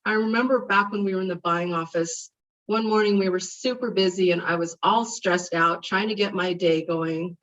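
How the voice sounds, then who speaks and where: At a memorial service, a middle-aged woman gives a heartfelt eulogy for a dear friend, reminiscing and growing animated as she retells stories. Her voice sits on the low side at a normal speed, picked up by a distant, muffled mic.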